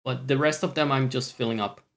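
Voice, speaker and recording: A man's voice: mid-range voice, steady tone, fairly quick, fairly bright tone. A Scottish man chatting casually on a stream, rambling, swearing often and talking to himself.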